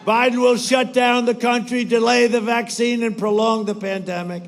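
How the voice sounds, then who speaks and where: A man giving a rambling, boastful campaign rally speech, repeating phrases, shouting at times and mimicking others in quotes. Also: extremely high pitch, flat delivery, moderate pace. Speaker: politician addressing supporters.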